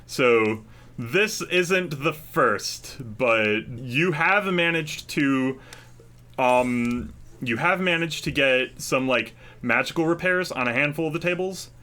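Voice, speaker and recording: A man's voice: mid-range voice, takes it slowly, pushed and bright. A man narrating a tabletop game as game master in a casual, hesitant way with many fillers.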